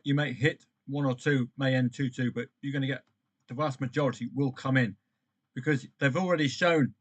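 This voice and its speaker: A man hosting a football trading live stream, chatting with viewers and calling out matches. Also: a little high. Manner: chatty, animated, addresses viewers by name.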